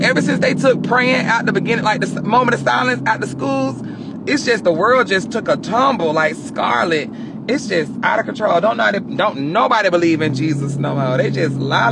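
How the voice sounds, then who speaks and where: A man vlogging casually from inside a car, joking loudly and cursing as he talks to his viewers. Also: sits high. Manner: loud, joking, profane banter with the viewers. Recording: car noise in the background.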